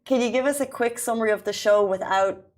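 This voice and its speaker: A woman hosting a relaxed talk show, teasing her co-host in a playful way. She laughs easily and keeps the conversation moving. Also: on the high side, fast. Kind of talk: casual studio chat.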